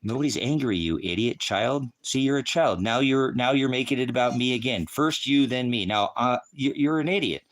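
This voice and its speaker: A man's voice: mid-range voice, normal speed, few pauses. A man preaching on a livestream, answering the chat in a confrontational, insulting way, swearing and repeating himself as he rambles. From United States. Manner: repetitive and rambling. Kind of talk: combative livestream rant.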